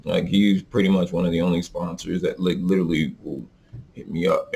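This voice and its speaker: Young man, low gravelly voice, casual profane rant, rambling. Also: fairly even intonation, fairly quick, darkish tone. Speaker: vlogger reviewing vape carts.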